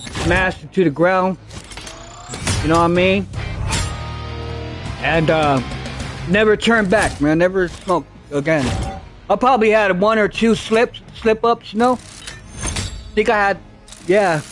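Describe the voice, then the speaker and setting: A man's voice: sits high, takes it slowly, pauses often, over music. A man streaming a game, telling a rambling, profane story and repeating himself as he goes. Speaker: gaming streamer. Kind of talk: casual storytelling while gaming.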